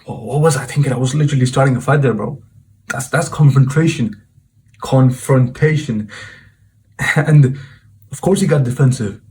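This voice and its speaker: Talking briskly in a medium-pitched, slightly mellow voice, this young man shares a personal story as a self-improvement vlogger. It's a casual monologue to camera, earnest and reflective, and he keeps calling the listener "bro."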